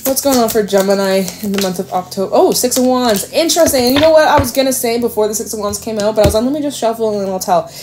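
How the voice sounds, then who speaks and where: A woman's voice: on the high side, fast talker, hardly any pauses, background noise. Chatty woman reading tarot cards. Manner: chatty, rambling, swears and laughs, frequent fillers. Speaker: tarot reader. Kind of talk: casual tarot reading to camera. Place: home with a dog nearby.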